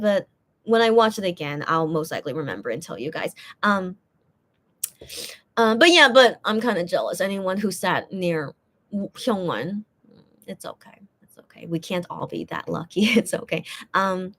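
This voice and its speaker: A woman's voice: mid-range voice, a bit bright. A young woman hosting a live stream, chatting casually and reading out viewer comments, rambling with many restarts and fillers.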